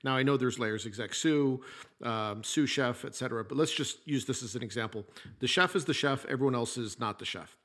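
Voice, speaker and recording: Man, middle-aged, former chef, podcast host, casual storytelling monologue, plainspoken, even mid pitch. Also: fairly quick. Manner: storytelling, conversational, plainspoken with mild swearing.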